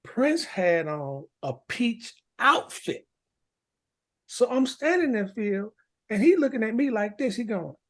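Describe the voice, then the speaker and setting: Animated storytelling man, lively pitch. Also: slow. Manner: animated storyteller, acts out voices. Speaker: podcast co-host. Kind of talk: casual storytelling chat.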